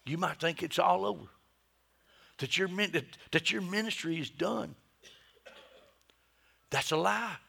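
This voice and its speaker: A middle-aged man preaches with a husky, gravelly voice that has a bright, forceful edge. He drops to hushed near-whispers, then climbs to loud, emphatic peaks. His pitch sits a little higher than most men's. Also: measured pace, pauses often. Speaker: pastor. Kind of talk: sermon.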